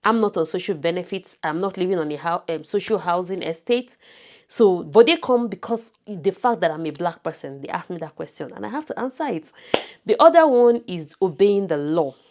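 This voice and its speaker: A woman's voice: fairly low pitch, lively intonation, brisk, a little mellow. A woman from Nigeria with a Nigerian accent, talking casually to camera in a vlog and stressing her points with repetition. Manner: emphatic, repeats words for stress. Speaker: vlogger.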